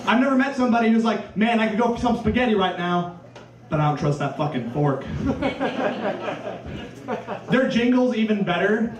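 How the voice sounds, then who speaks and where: A young man from Iowa performing a stand-up set, deadpan and dropping into silly voices for punchlines. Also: high-pitched. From Cedar Valley, Iowa. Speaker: stand-up comedian. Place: comedy club stage. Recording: echoey club from far off.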